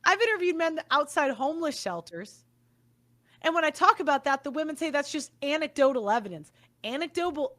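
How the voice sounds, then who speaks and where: A woman's voice: high voice, expressive, a little fast, a bit bright. A young woman giving an angry, blunt monologue, swearing often as she vents. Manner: blunt, profane and heated. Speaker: commentator.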